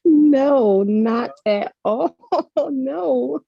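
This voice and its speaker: A woman's voice: high voice, lively intonation, extremely slow, gravelly, slightly rough, no room sound. A woman, an author and mother, speaking earnestly and emotionally as an interview guest, restarting her sentences often. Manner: earnest, effusive, full of "like" and restarts. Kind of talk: heartfelt conversational interview. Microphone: video call. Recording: dull lo-fi video call audio.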